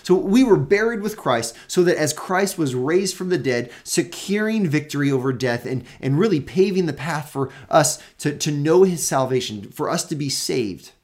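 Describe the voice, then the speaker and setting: A man's voice: fairly high pitch, expressive, moderate pace, hardly any pauses, a little mellow. A man hosting a Bible teaching show, talking casually and earnestly, with frequent fillers and restarts, growing emphatic on key points.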